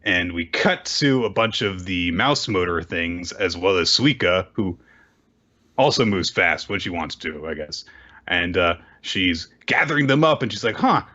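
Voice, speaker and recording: A man's voice: sits low, expressive, measured pace, sharp tone. A man recapping a manga chapter in a casual chat and acting out the characters' lines with animation. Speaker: podcast co-host. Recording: dull lo-fi audio.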